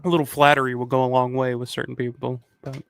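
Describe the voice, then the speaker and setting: A man's voice: medium pitch, level tone, quick pace, creaky, clear, resonant tone, dry recording. A man in his thirties hosting a casual livestream, reading viewer comments and rambling with lots of swearing and restarts. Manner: rambling, profane, many restarts. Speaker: channel host.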